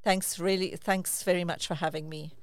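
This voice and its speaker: A woman's voice: lowish voice, steady tone, normal speed, no echo. A woman, a leadership coach, speaking as a guest on a radio show in a friendly way. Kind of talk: radio interview.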